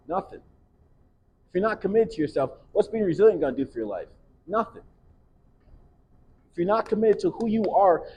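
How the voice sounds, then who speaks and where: A man with a somewhat high voice gives a motivational speech to his basketball players. He talks earnestly and leans on repeated rhetorical questions, speaking as their coach. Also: a little mellow, a little hiss or hum.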